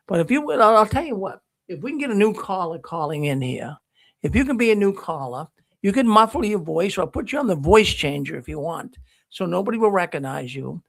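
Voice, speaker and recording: A man's voice: high-pitched, creaky, a bit bright, dry recording. A man hosting a live call-in show, talking casually and rambling through stories with many restarts. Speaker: host of a call-in livestream show.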